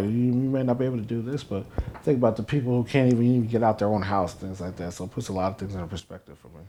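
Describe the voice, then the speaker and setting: A young man from New Jersey, a guest in an interview, telling stories casually and acting out the quotes with rising excitement. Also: mid-range voice, fast talker, slight background noise. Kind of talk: casual storytelling.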